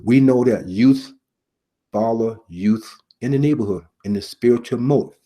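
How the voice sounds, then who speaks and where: A middle-aged man, formerly in law enforcement, delivering an earnest sermon-style message with repetition and pauses. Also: mid-range voice, dark tone. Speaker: preacher, former police officer.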